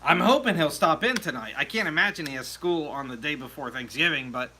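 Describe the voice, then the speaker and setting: A man's voice: fairly high pitch, lively intonation, a little fast, bright, forceful tone, slight background noise. A man hosting a casual home mead-making livestream, chatting loosely and laughing at himself as he answers viewers. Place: home meadery.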